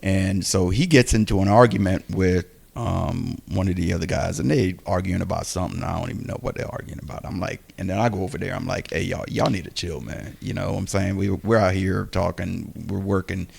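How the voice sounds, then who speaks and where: A man with a gravelly, fry-edged voice sitting a little low in pitch tells a casual story on a podcast. He is animated and acts out the quoted lines of the people in it. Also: fairly quick, few pauses.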